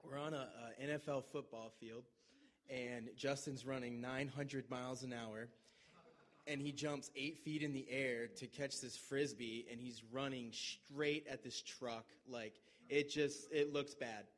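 A man casually retelling a friend's injury in a measured, dry way. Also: medium pitch, steady tone. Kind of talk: casual storytelling.

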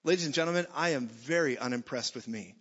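A man preaching a sermon in a church, blunt and jokey, swinging from loud to soft. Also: medium pitch, quick pace. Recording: dull sound in a reverberant hall.

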